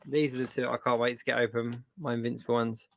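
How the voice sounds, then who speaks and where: A man hosting a casual live-stream chat, relaxed and steering the talk between topics. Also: medium pitch, quick pace, gravelly, no echo. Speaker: show host. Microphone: video call.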